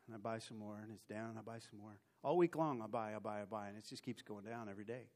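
A man preaching and telling a personal story in a lively way, mocking himself as he acts out the scenes. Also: lowish voice, quick pace, hardly any pauses. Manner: animated, self-mocking storyteller who acts out his own story. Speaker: preacher giving a testimony. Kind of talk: sermon storytelling.

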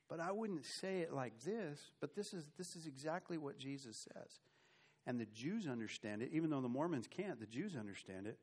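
A middle-aged man preaching a sermon with animated swings between loud and soft, with humorous asides. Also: on the high side. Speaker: pastor.

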